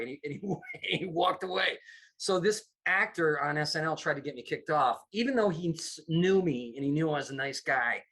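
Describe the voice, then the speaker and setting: A man's voice: a little high, brisk. A middle-aged man from the United States, a comedy producer telling stories in a casual interview, acting out the voices of people he quotes. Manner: animated, acts out quoted voices. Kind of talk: casual storytelling.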